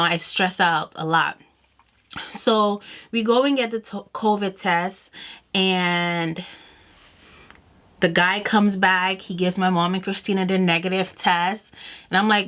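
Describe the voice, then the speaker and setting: A woman beauty vlogger telling a personal story in a casual, chatty way to camera, often acting out what she and others said. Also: on the low side. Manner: chatty and animated, quoting herself and others. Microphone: camera mic while doing makeup.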